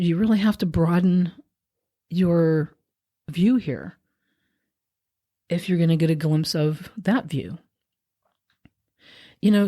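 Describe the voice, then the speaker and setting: Podcast host, woman, lowish mellow voice, gentle reflective spiritual talk.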